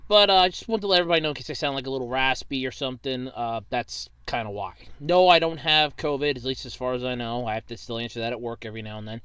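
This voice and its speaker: Bright, crisp-voiced man rambling casually. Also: mid-range voice, quick pace, hardly any pauses, dry recording. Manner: rambling, with many fillers and restarts. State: stuffy from seasonal allergies. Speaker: host of a monthly Q&A video. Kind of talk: casual chat answering viewer questions.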